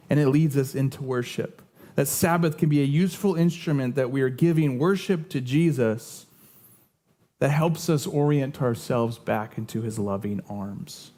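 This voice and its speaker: A man's voice: mid-range voice, warm tone. A young adult man preaching a sermon as pastor, earnest and conversational, telling personal stories with frequent restarts. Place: church sanctuary.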